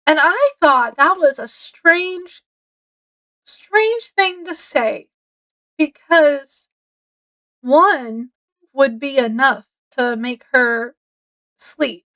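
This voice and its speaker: A woman's voice: sits high, expressive, very slow, long pauses, a bit bright, low-quality recording. A woman giving a casual, chatty book review, rambling a bit with fillers as she retells the plot.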